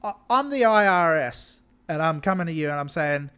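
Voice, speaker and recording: A man's voice: on the high side, expressive, moderate pace, few pauses, pushed and bright, clear, resonant tone. A young man in casual podcast chat, earnest and hesitant, often restarting and asking questions. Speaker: podcast co-host.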